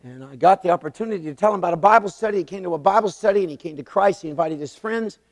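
A man's voice: sits high, rapid-fire, dry recording, clean studio sound, big-room sound. A man in his sixties preaching a sermon, telling stories with emphatic repetition. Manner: animated storytelling, emphatic repetition. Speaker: pastor.

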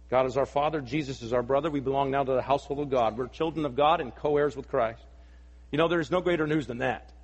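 A man preaching a sermon as pastor, earnest and emphatic, rising in force and then dropping to soft appeals, in a church. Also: fairly high pitch, slightly rough. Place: church sanctuary. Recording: long reverb of a large hall.

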